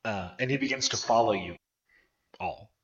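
A man narrating a tabletop game as game master, describing scenes slowly and vividly over an online voice call. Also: fairly low pitch, fairly bright tone, lo-fi sound, a little hiss or hum. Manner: slow, vivid scene description with drawn-out words.

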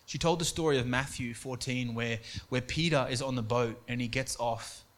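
A man's voice: medium pitch, moderate pace. A man preaching a sermon, earnest and emphatic, moving between personal stories and scripture.

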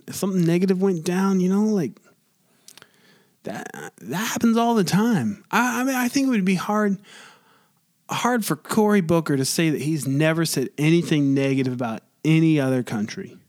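A man's voice: a little high, a little mellow. A young man hosting a solo podcast, rambling casually with lots of restarts and filler words. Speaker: podcast host.

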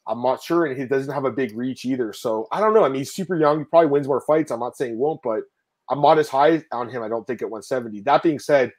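A man hosting a casual fight-sport podcast, rambling and animated, telling stories with laughs and swearing, often calling out to the viewers. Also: medium pitch, fast talker. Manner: addresses viewers as guys. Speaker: podcast host. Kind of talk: casual MMA podcast chat.

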